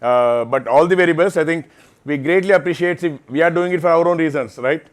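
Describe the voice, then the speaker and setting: Man, somewhat high pitch, informal presentation, explanatory, frequent tag questions. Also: a little fast. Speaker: program lead addressing interns. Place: auditorium or lecture hall.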